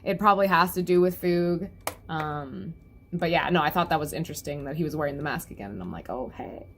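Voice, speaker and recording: A woman's voice: low-pitched, fairly even intonation, brisk, a little hiss or hum. A young woman giving a casual, giggly review of a webcomic chapter, often acting out the characters' lines.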